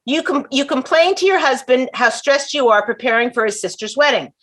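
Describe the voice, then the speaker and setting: A woman's voice: sits high, brisk, fairly bright tone. Chatty woman hosting a game show. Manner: chatty, acts out little scenes with quoted voices; frequent restarts and asides.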